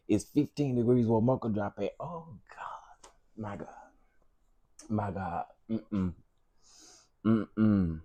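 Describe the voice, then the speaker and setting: A man's voice: on the low side, dark tone. A man hosting a casual livestream, greeting viewers by name and repeating his phrases. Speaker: livestream host.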